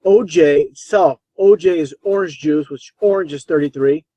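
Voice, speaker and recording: A man's voice: a little high, moderate pace, warm tone, dry recording, poor audio. Scornful male video commentator, dry sound. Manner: scornful, insistent asides. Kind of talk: conspiracy commentary over archive clips.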